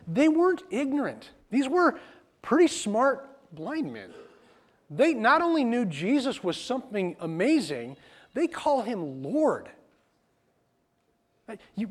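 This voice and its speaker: A man giving a conversational sermon as a pastor, plain-spoken and animated, with casual asides. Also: high-pitched.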